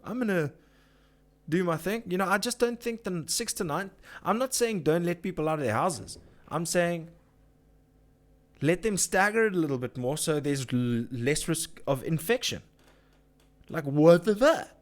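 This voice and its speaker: A man's voice: fairly high pitch, moderate pace. A man hosting a casual live chat, ranting with swearing and reading out viewer comments. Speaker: live-stream host.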